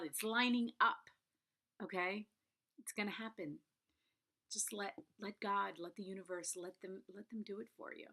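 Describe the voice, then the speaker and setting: Woman, fifties, vlogger; crisp bright tone, earnest storytelling with hushed moments. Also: medium pitch, normal speed. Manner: confiding, emphatic, drops to whispers. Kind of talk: personal storytelling to camera.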